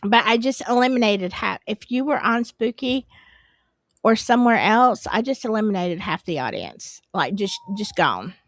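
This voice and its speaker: A woman's voice: medium pitch, expressive, moderate pace, no room sound. A woman hosting a live stream, chatting casually and apologizing in a flustered, rambling way. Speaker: livestream host.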